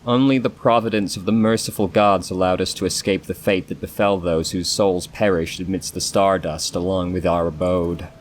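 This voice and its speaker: Brief: man voicing a solemn female elf in a game let's play, measured and low-pitched. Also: steady tone, slight background noise, natural voice. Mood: sorrowful. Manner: solemn, measured reading with stumbles on names. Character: grave, sorrowful female elf of an ancient dying race. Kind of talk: reading game dialogue aloud.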